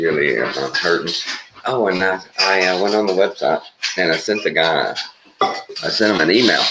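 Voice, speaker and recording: A man's voice: extremely low pitch, background noise. An older man from Texas with a Texan drawl, rambling folksy and chuckling through a casual morning vlog. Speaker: vlogger.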